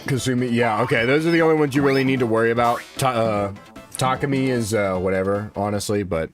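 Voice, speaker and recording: A man's voice: mid-range voice, fast. A man in his twenties chatting casually to viewers while streaming a game, rambling and slangy. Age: 20s. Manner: rambling, slangy, talks to chat. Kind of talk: casual livestream chat. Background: game music.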